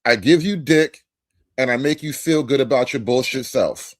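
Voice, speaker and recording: A man argues his case on a talk panel, deliberate and pointed as he builds a premise step by step. His voice sits at a middling pitch and is recorded close and dry, with no room sound. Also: no room sound. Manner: deliberate, argumentative, lays out a premise. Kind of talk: debate on a talk show.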